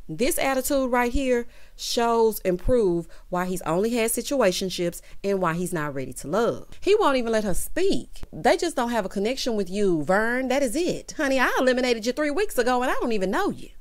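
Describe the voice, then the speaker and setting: A woman's voice: sing-song, moderate pace. Sassy lady recapping a dating show, keeps saying child and honey, voice shoots way up for emphasis. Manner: swoops high in pitch for emphasis. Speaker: TV recap vlogger. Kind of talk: casual reality-show recap commentary.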